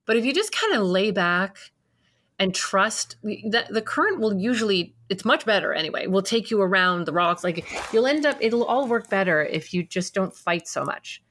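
A woman's voice: medium pitch, lively intonation, moderate pace, a bit bright. A woman hosting an interview podcast in casual chat, enthusiastic and encouraging. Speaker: podcast host. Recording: hollow, barrel-like sound.

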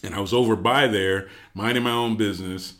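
A man telling a long story in casual chat, animated, with frequent fillers and restarts. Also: on the low side, a little fast. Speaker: podcast storyteller.

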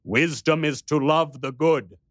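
A man voicing a kind, wise and jolly bearded old king in an audiobook, speaking slowly and gravely. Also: a little high, steady tone, dry recording, clean studio sound, voice pushed up, natural voice. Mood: serene. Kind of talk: audiobook character voice.

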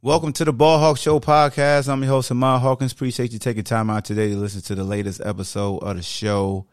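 A man's voice: mid-range voice, flat delivery, fast, no room sound. A man hosting his own sports podcast in a laid-back, slangy casual chat on a studio mic. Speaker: podcast host. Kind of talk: casual solo podcast talk.

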